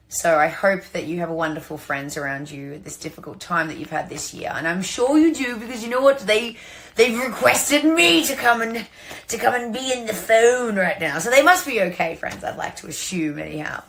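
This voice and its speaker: A woman's voice: medium pitch, lively intonation, normal speed, fairly bright tone, slight background noise. A young adult woman with an Australian accent, sending a playful and sincere recorded message with many fillers and restarts.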